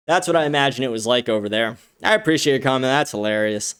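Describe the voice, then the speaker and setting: Smooth-voiced blunt livestream host. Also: male voice, medium pitch, expressive, quick pace, hardly any pauses, fairly bright tone. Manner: blunt, profane, offhand. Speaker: show host. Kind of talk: casual livestream commentary reading chat comments.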